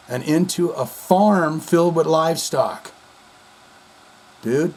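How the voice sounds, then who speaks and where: A man hosts a casual vlog with a fairly high-pitched voice. He rambles and jokes in a loose, profane, goofy way. His delivery is offhand and unscripted. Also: slow pace. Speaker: host.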